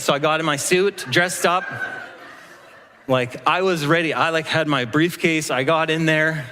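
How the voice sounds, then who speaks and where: A man in his thirties preaching a sermon, telling a personal story and acting out the dialogue with lively energy. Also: mid-range voice, normal speed. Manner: animated storyteller, acts out dialogue. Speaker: pastor. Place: church sanctuary. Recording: long church reverb.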